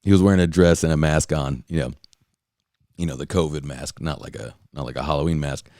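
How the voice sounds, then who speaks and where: A man's voice: a bass voice, brisk, darkish tone, no echo, studio quality. A man hosting a podcast, ranting casually and profanely, rambling with many fillers and restarts. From California. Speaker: podcast host. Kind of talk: casual rant.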